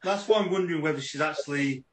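A man's voice: on the high side, fast talker, fairly bright tone, a little hiss or hum. A man musing about a film scene in casual chat, stumbling over his words. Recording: echoey room.

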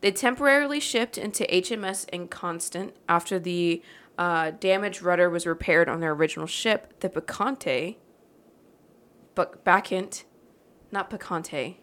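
A podcast host reads a legend aloud as casual storytelling chat, joking around, swearing, and laughing along the way. Her fairly low voice is a bit bright and moves at a moderate pace.

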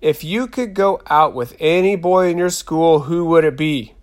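A man's voice: on the high side, moderate pace, voice pushed up, natural voice. A man voicing a playful, sometimes shy preteen girl with a sing-song teasing manner in an audiobook.

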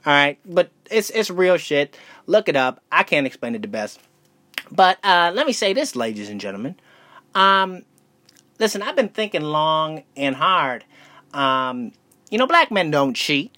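A man's voice: high voice, big pitch swings, moderate pace, sharp tone. A young man hosting a casual solo podcast, talking loosely and profanely with lots of fillers and restarts. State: out of breath. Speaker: podcast host.

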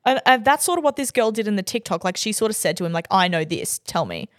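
A young woman in her twenties with an Australian accent, co-hosting a podcast, animated and emphatic, with frequent swearing. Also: on the high side, racing, no room sound, studio quality. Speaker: podcast co-host. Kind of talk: casual chat.

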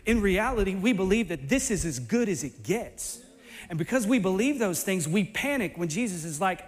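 A male preacher delivering a sermon in an animated, playful way, sometimes bursting into shouts. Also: high voice, normal speed, in a large hall.

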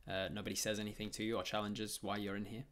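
A man's voice: on the low side, monotone, quick pace, a bit bright. A man narrating a tabletop game as game master, rambling with frequent fillers and restarts.

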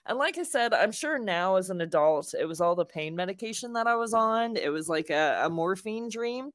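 A young adult woman co-hosting a podcast, telling a story in a casual, animated way and acting out the quotes. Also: mid-range voice, normal speed, dry recording, studio quality. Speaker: podcast co-host.

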